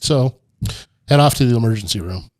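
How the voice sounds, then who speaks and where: A man's voice: medium pitch, fairly quick, a little mellow, dry recording. A middle-aged man, a podcast guest, telling a long rambling story in a casual interview and laughing often. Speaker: podcast guest, off-road park owner.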